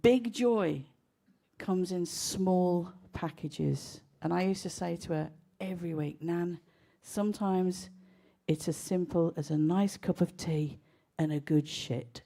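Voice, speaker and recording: A woman's voice: on the low side, slow pace, gravelly. A woman, a singer-songwriter chatting wryly with a festival crowd between songs in a live music set. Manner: wry, self-deprecating storytelling between songs. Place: outdoor festival stage. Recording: loud live music behind the voice.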